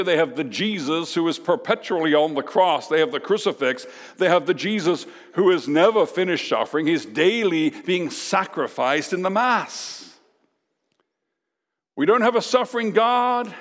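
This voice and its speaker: A man preaching a sermon as pastor, emphatic, with dramatic pauses and repeated lines. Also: fairly high pitch, animated, big-room sound.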